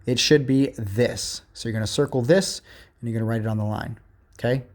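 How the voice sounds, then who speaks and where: Patient man teaching a grammar lesson. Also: medium pitch. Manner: patient, slow and repetitive explanations with frequent "okay?" checks. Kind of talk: remote grammar lesson, reading aloud from a workbook.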